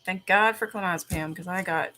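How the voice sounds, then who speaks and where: Laughing, bright-voiced woman podcast host. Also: lowish voice, brisk, slight background noise. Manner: laughing storyteller, swears freely. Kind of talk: casual chat.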